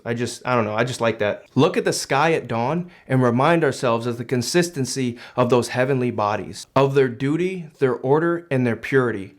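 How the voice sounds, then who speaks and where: A man's voice: medium pitch, moderate pace, hardly any pauses. Casual man reflecting on a book. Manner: reads a passage aloud, then muses on it conversationally with fillers. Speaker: book commentator. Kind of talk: casual reading and commentary.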